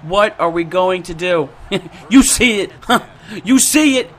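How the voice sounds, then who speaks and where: A young man giving excited, slangy commentary over his own football video game, often shouting and laughing at big plays. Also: high voice, slow pace, slight background noise. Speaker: gaming YouTuber. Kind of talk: excited live gameplay commentary.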